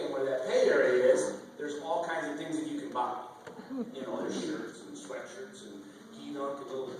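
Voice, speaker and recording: A man's voice: on the high side, background noise. Rambling man telling stand-up stories. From Michigan, USA. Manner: rambling, self-interrupting anecdotes with many restarts. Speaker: stand-up comedian. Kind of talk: stand-up comedy storytelling. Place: comedy club stage. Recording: echoey club sound from a distant mic. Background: audience laughter and room ambience.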